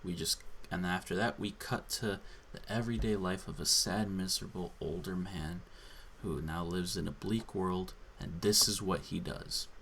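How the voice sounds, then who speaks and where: A man's voice: low voice, normal speed, a bit bright, a little hiss or hum. A man on a drunken solo rant, angry, profane and exasperated. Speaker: channel host.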